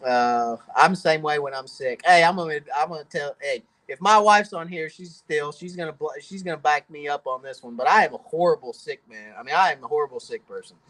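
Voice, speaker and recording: A man with a drawl chats through a live-stream Q&A in a relaxed, folksy way. His voice sits a bit high for a man, and he laughs easily between answers. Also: brisk, hardly any pauses, poor audio. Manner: folksy, chatty, laughs often. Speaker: host of a fishing channel. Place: home workshop.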